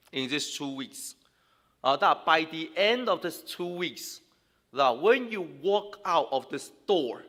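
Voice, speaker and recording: The long reverb of a church hall surrounds a pastor giving a sermon for young people. His voice is mid-range and fairly bright, and he talks casually, with many fillers and restarts.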